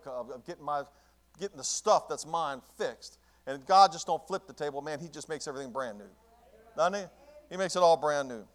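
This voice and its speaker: A male pastor preaching a sermon, quoting old scripture and repeating phrases fervently. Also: medium pitch.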